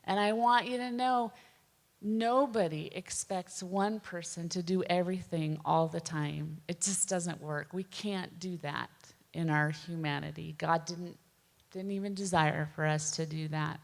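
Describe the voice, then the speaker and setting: A middle-aged woman giving a personal testimony, speaking slowly, gently and earnestly with soft pauses. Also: on the low side, steady tone, creaky. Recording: long hall reverb.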